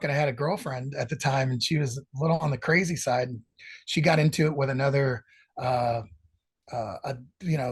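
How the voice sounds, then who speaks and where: A man's voice: on the high side, husky. A middle-aged man telling rambling, profanity-laced stories as a podcast interview guest. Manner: profane, rambling, animated storytelling. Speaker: guest musician. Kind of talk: casual storytelling interview.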